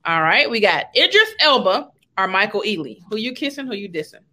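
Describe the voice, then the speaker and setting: A woman's voice: medium pitch, big pitch swings, brisk, sharp tone. A woman hosting a casual interview chat, playful and teasing, often laughing. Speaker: host.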